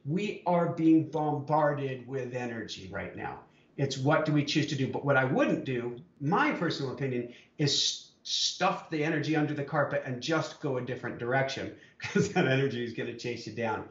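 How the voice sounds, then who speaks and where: A man's voice: mid-range voice, moderate pace. A man in casual conversation, earnestly explaining ideas in an encouraging, explanatory way. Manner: earnest, explanatory, spiritual pep talk. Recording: muffled, roomy sound from off-mic.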